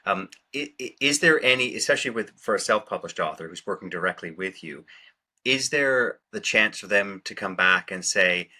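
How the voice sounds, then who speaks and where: A man with a very deep voice and a bright, forceful tone, co-hosting a casual podcast. He asks his questions hesitantly, pausing on fillers as he works them out. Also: expressive. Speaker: podcast co-host.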